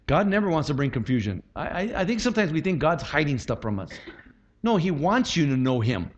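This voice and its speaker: A middle-aged man preaches to his church in a loose, conversational manner, checking in with the crowd and acting out little scenes. His voice sits a little high, and the recording is dull and lo-fi. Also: very animated, a little fast. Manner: conversational, acts out quotes, frequent "right?". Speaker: pastor. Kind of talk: sermon.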